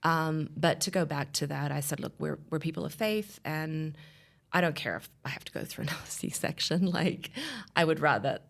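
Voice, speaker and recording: A woman's voice: low voice, moderate pace, creaky. A woman in her thirties telling her family's story in a podcast interview, earnest and rambling with many restarts.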